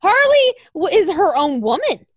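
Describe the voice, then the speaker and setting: A woman with a high, bouncing voice rants through a casual talk show, swearing and fired up with mock outrage. The sound is close and dry, with no room around her. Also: big pitch swings, moderate pace, no room sound. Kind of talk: casual wrestling chat.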